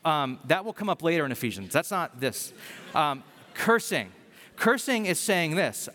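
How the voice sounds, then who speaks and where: A man preaching a sermon as a pastor, in a conversational, self-deprecating way with animated storytelling. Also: a little high, normal speed, in a large hall.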